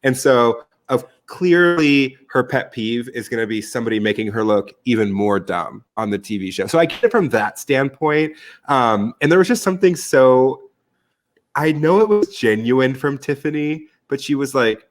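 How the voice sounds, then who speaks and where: A man's voice: mid-range voice, animated, normal speed. A man co-hosting a podcast, talking in a laid-back, candid way with plenty of filler words. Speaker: podcast co-host. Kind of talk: casual chat.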